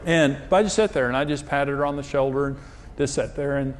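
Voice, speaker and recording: A man's voice: medium pitch, fast talker, a little hiss or hum. A man preaching in a humorous, self-deprecating storytelling way, using jokes and anecdotes. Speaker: pastor.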